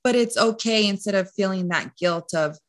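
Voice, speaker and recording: A woman's voice: medium pitch, normal speed. A woman nutrition and mindset coach talking casually as a podcast guest, rambling and full of "like" and "you know".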